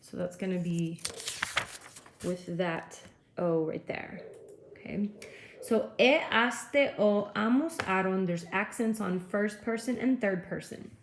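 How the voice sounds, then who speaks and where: Speaking slowly at medium pitch, a woman teacher lectures her class, walking through the material step by step and frequently asking "okay?" The room echoes, and there is faint background noise.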